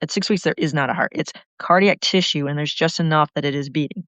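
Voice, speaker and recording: This woman's political talk is impassioned and runs on and on, spoken quickly in a low-pitched yet fairly bright voice. The sound is dry and dull, with a lo-fi feel.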